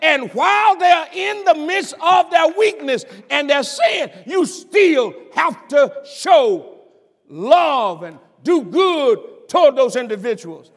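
An older man delivers a sermon in a strikingly high voice, the sound ringing out with a long reverb through a large hall. He stammers and repeats words, climbs into shouts, and checks in with the congregation in call-and-response fashion. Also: sing-song, slow pace. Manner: preacher's call-and-response, repeated "am I right about it". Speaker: pastor.

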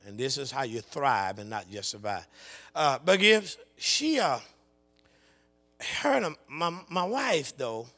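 An older man delivers a sermon, recounting a family story and calling out to his congregation, his voice moving from quiet murmurs to fervent shouts.

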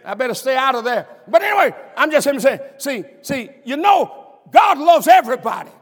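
High-voiced older preacher, booming hall. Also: male voice, big pitch swings, moderate pace, slightly rough. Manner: preacher's call-and-response, repeated "am I right about it"; stammers and repeats words, bursts into shouts and laughter. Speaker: pastor. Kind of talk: sermon. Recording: long hall reverb.

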